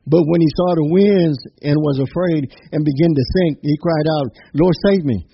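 A man's voice: fairly high pitch, steady tone, normal speed, creaky. A man preaching a sermon who keeps dropping in "amen" and "hallelujah" and often repeats or restarts his words. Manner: punctuates phrases with "amen" and "hallelujah". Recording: dull muffled recording with faint noise.

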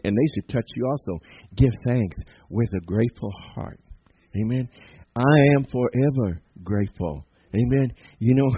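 A male pastor delivers an emphatic sermon to his congregation, calling out amens between lines. His voice is husky and mid-pitched, and the church recording sounds dull and muffled. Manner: emphatic call-and-response preaching with frequent amens. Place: church sanctuary.

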